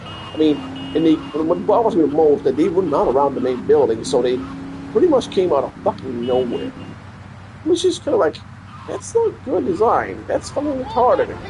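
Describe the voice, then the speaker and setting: Man, let's play commentary, slightly high voice, swings up and down a lot, swearing, gunfire noise behind. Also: big pitch swings, moderate pace. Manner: profane, exasperated ranting. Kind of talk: casual gameplay commentary.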